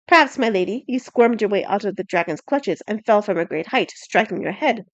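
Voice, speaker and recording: A woman voicing a brash, arrogant male knight in an audiobook, who speaks loudly and slowly with a snarl. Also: mid-range voice, lively intonation, no room sound, highs cut off, natural voice. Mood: scornful. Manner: loud, slow, snarling.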